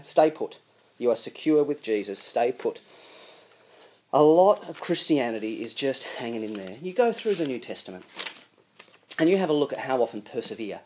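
A man preaching a sermon in an animated, conversational way with chuckling asides. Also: medium pitch.

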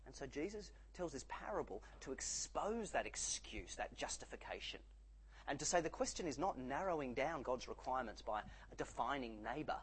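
Animated husky male preacher. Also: mid-range voice, a little fast, rough recording. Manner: animated, acts out quoted voices. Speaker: pastor. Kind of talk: sermon.

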